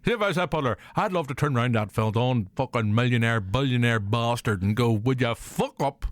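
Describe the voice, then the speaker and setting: A podcast host with a Northern Irish accent chats casually, telling rambling, jokey stories and laughing often. He speaks fast in a medium-pitched voice, recorded in clean studio sound with no room tone.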